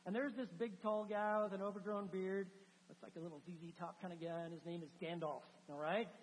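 A male pastor with a high, light voice delivers a sermon, slipping into lively storytelling with chatty asides. His voice rings through a church sanctuary with a long reverb tail. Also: fairly quick. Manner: animated storytelling, conversational asides.

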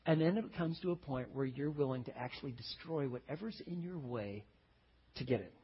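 A man's voice: mid-range voice, fairly quick, husky, long reverb tail, dull audio. A man preaching a sermon, telling stories and acting out the voices of the people in them. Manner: animated storytelling, acts out quoted voices. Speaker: pastor.

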